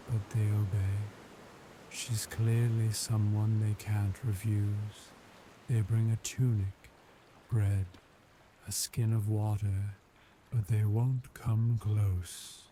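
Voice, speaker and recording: A man narrating a bedtime story for sleep in a soothing, unhurried way. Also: on the low side. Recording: steady ambient background noise. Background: ambient sea sounds.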